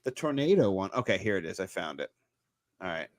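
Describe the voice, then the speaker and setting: A podcast co-host with a low-sitting voice talks briskly, his pitch swinging widely. It's casual, rambling chat with plenty of fillers and restarts and easy laughter, recorded at studio quality without room sound.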